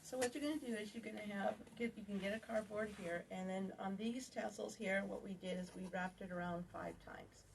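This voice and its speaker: A knitting instructor demonstrates how to make tassels, walking through each step and repeatedly saying "you're gonna." Her mid-range voice is a little fast with vocal fry and few pauses. Background noise can be heard.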